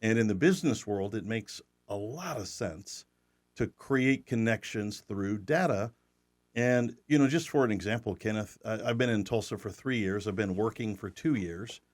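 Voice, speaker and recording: Folksy host in his 60s, lowish voice, joking chat. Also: normal speed. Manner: folksy, joking, restarts often. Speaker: podcast host. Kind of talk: casual podcast chat.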